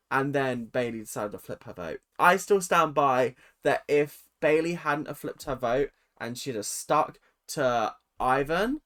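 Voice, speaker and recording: Brief: tired, opinionated young male vlogger, rambling recap, lively pitch. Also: unhurried, hardly any pauses. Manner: opinionated, rambling, goes off on tangents. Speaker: reaction vlogger. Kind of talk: casual episode recap.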